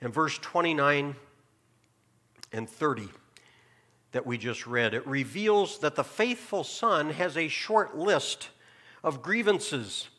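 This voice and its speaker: Male pastor, sermon delivery, slightly high, bright tone, rhetorical questions, hushed asides. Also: expressive, moderate pace. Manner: preaching with rhetorical questions and sudden drops to a hushed tone. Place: church sanctuary.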